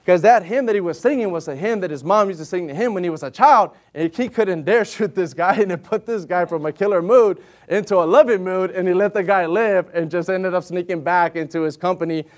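Man, high voice, sermon, earnest, conversational, emphatic stresses, slow measured scripture reading. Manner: reads scripture in slow, measured King James cadence. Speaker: lay preacher.

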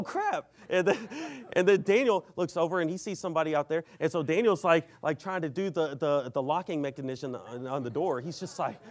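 A man preaching a sermon and telling a story, rambling and filling his speech with "you know". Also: on the high side.

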